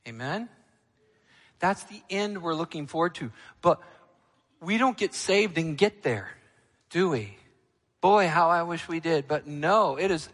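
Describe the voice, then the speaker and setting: A male pastor preaching a sermon, emphatic, moving between loud, ringing lines and quiet, low ones. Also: big-room sound.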